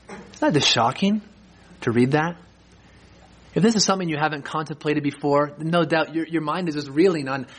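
A man's voice: fairly high pitch, fairly bright tone, breathy edge, low-quality recording. A man preaching an expository sermon as pastor, earnest and emphatic, posing rhetorical questions.

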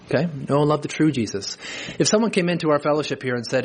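A man preaching a sermon to his congregation, his voice a touch high and husky. He moves between quiet, deliberate passages and emphatic rising points. He talks in a church as the pastor. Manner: earnest preaching with swings from low to emphatic.

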